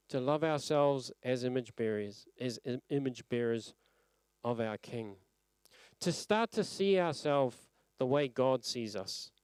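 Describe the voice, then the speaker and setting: A man preaching a sermon at a church service, earnest and reflective, letting his phrases fall softly at the end. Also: a little high, clean tone, dry recording.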